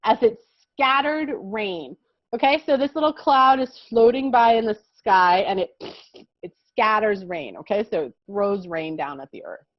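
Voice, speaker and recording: A woman's voice: on the high side, no echo, lo-fi sound. An American woman teaching a kindergarten vocabulary lesson, explaining patiently and encouragingly and often checking that the children follow.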